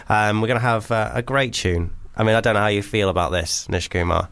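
A man's voice: fairly low pitch, brisk, fairly bright tone, clean tone. A man hosting a radio show, chatting casually and telling rambling, self-mocking stories.

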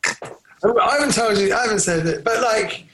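Male podcast co-host, slightly higher pitch, chatty and trivia-heavy, lots of ums. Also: normal speed, a bit bright, slight background noise, poor audio. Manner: rambling, trivia-heavy, many fillers and restarts. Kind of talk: casual film chat.

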